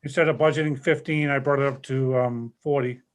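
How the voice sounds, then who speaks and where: A man working as town administrator, reporting budget figures to a council in a measured way, with pauses and hesitations. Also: medium pitch, steady tone. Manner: measured, reads out numbers with hesitations.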